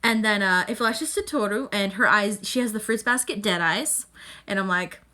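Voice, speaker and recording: Excitable young woman ranting about anime. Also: medium pitch, moderate pace. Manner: excitable, emphatic, rambling with fillers. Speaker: anime reviewer YouTuber. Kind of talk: casual reaction vlog.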